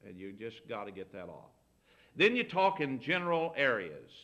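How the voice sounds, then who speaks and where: A middle-aged preacher with a bright, forceful tone talks in a homespun, storytelling way. He slips into little acted-out exchanges while giving practical advice from the pulpit. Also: mid-range voice, big pitch swings, moderate pace. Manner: folksy, anecdotal, acts out quoted dialogue. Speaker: pastor teaching visitation. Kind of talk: folksy sermon talk.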